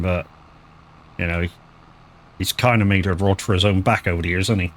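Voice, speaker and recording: A man with a fairly low-pitched voice, chatting to his viewers as he plays. He rambles through a story with lots of stammered restarts. His talk is loose and sweary. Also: steady tone, brisk, pauses often, fairly bright tone. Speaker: live streamer. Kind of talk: casual gaming stream chat.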